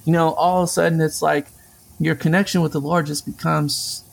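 A man telling a personal story in a casual conversation, animated and chatty, with lots of asides. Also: a little high, fairly quick, vocal fry.

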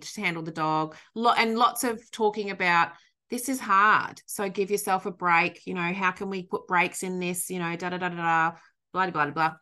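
An Australian woman, a dog trainer co-hosting a podcast, chatting casually and telling animated stories. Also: fairly low pitch. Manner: animated storytelling, frequent laughter, loose swearing. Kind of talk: casual chat.

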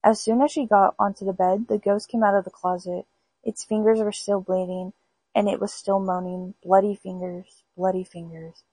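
A woman hosts a podcast, reading spooky folk tales aloud like a storybook in an unpolished, amateur way with small stumbles. Her medium-pitched voice is mellow and husky. The recording is low quality, with no room sound.

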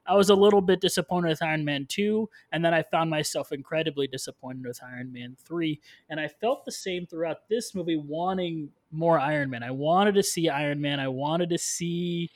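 A man's voice: fairly high pitch, moderate pace, few pauses. A man co-hosting a casual movie podcast, arguing a contrarian take. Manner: contrarian, argumentative. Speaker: podcast co-host. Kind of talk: casual film discussion.

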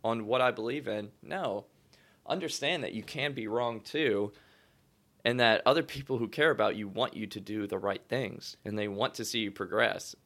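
A man's voice: fairly low pitch, normal speed, fairly bright tone. A man in a casual chat, speaking loosely and opinionated, drifting into mock quotes of others.

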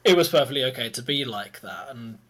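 A man's voice: mid-range voice, expressive, brisk, fairly bright tone. A man hosting a history podcast, chatting easily and explaining things step by step. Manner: easygoing, laughs often, explains step by step. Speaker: podcast host presenting history. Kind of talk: casual chat and history explanation.

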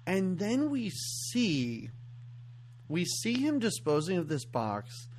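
A man's voice: high-pitched, huge pitch swings, slow pace, a little mellow, a little hiss or hum. A man co-hosting a podcast, casually recapping a horror film and laughing often. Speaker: podcast co-host. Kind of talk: casual movie recap chat.

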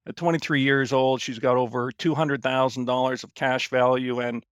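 A man in his fifties guests on a finance podcast, casually telling his story in a rambling way full of fillers and restarts. His mid-range voice is flat in delivery and clean in tone at normal speed, in a dry, clean studio recording.

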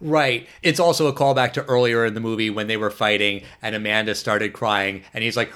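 A man hosting a casual movie podcast, talking in an opinionated, lively way. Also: fairly low pitch, brisk, hardly any pauses, clear, resonant tone. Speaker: podcast host.

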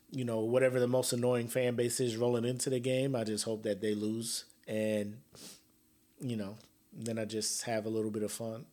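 A man's voice: mid-range voice, a little mellow. A man hosting a casual solo podcast, joking and trash-talking with frequent laughs. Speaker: podcast host.

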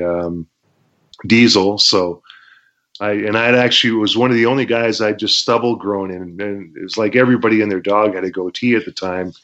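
Man, deep and low, relaxed raconteur with fillers; muffled lo-fi recording. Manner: laid-back, laughs while telling stories, many fillers. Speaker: former pro wrestler, guest. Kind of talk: casual interview storytelling. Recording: muffled lo-fi audio.

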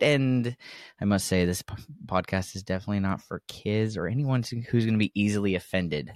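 A man's voice: on the low side, moderate pace, no room sound, clean studio sound. A man hosting a podcast, chatting in a loose, crude, joking way with lots of fillers. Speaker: podcast host. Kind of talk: casual podcast chat.

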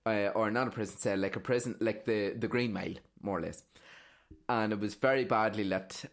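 Swearing and ending sentences with "right?", this man rambles through stories as co-host of a casual podcast. His voice is lowish and his pace brisk.

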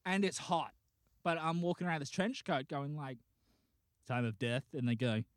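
A man's voice: a little high, lively intonation, brisk, clear, resonant tone, no room sound, clean studio sound. A man, a podcast host animatedly retelling a dream and acting out voices. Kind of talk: casual chat, retelling a dream.

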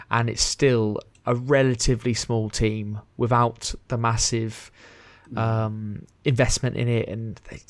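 Man, casual gaming chat, rambling, average pitch, dry sound. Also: no echo. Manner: rambling, with filler words and restarts. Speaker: podcast co-host.

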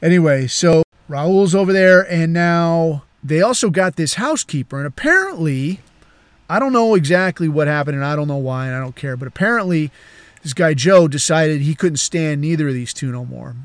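A male podcast host with a voice a bit high for a man tells a long, crude story at normal speed, swearing a lot, chuckling and wandering off on tangents. The recording is dry and close on a podcast mic, with no echo.

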